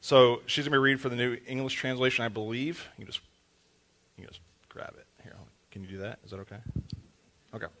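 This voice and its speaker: A male pastor with a bright, forceful voice gives a relaxed, joking sermon into a handheld mic in a church. He keeps his pitch in an everyday middle range and talks loosely, with plenty of "like" and "um" along the way. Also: fairly quick, pauses often. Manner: casual and joking, with many fillers. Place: church sanctuary. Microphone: handheld microphone.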